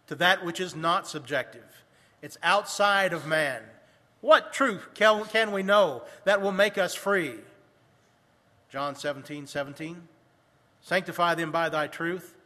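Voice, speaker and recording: Male preacher with a high, bright voice giving a sermon in a reverberant church, slowing down to stress his points. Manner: reads scripture in King James wording, slows for emphasis. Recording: long hall reverb.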